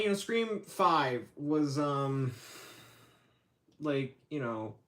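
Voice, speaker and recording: A man hosting his own livestream, chatting casually with lots of fillers and restarts. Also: on the high side. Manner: rambling, hesitant, many fillers. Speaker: channel host.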